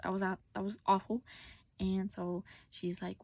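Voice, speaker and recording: A woman's voice: mid-range voice, level tone, moderate pace, gravelly, darkish tone, no echo. A young woman telling a personal story in a rambling, casual way with lots of filler words, often half-whispered, recorded on a phone. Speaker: vlogger.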